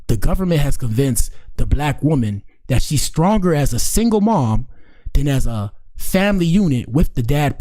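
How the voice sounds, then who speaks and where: A man's voice: medium pitch, mellow. An American man hosting his show, riffing in casual, slangy, rambling commentary with chuckling asides. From United States. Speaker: show host.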